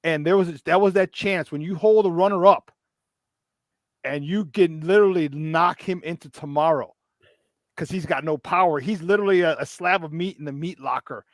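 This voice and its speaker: A man co-hosting a casual sports talk show, telling stories with lots of fillers, swearing freely, and getting loud when he acts out a scene. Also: on the high side, moderate pace, no echo. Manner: animated storyteller who shouts in retold scenes, swears freely. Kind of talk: casual sports radio chat.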